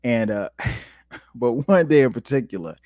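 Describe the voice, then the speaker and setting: A man from South Carolina hosting a podcast, telling stories in a relaxed, casual way and jumping up in pitch when he quotes himself. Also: a little slow, no room sound, clean studio sound. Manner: animated, jumps high when quoting himself. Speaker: podcast host. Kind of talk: casual storytelling.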